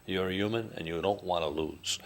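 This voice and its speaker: A middle-aged man with a gravelly, low voice, talking casually on a live radio show. He tells stories emphatically and swings upward when something surprises him. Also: a little fast. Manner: chatty, emphatic storyteller. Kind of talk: casual on-air chat.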